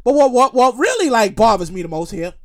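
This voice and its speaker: A man's voice: extremely high pitch, a little fast. A man from Brooklyn with a New York accent, hosting a podcast and telling profane, repetitive stories in a casual monologue. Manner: animated, profane, repetitive storytelling. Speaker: podcast host.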